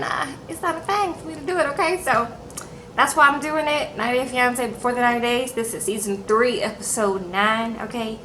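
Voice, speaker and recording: A woman's voice: fairly high pitch, pushed and bright, slight background noise. A young woman chatting casually to her viewers as she recaps a TV episode, often checking in with "okay?". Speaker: TV show reviewer. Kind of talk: casual chat.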